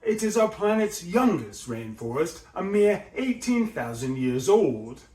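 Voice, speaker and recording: A man narrating a nature documentary slowly and deliberately, with clear pauses. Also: sits high, sing-song, dark tone, roomy sound.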